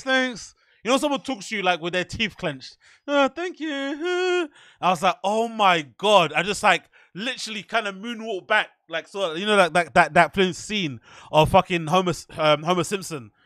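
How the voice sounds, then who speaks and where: A man hosting a podcast, telling stories in a casual, profane, animated way and laughing often. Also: sits high, fairly quick, dry recording, clean studio sound. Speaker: podcast host. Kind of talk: casual storytelling monologue.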